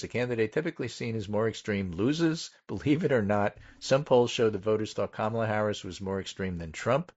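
Muffled recording of a man with a mid-range voice who hosts a laid-back political talk show. As a political podcast host, he reads poll findings methodically, pausing to emphasize each number one after another.

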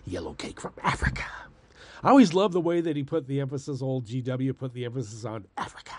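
A man's voice: mid-range voice, expressive, fairly quick. An older man ranting in a casual monologue, sarcastic and rambling, swearing and laughing at his own jokes. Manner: profane and angry.

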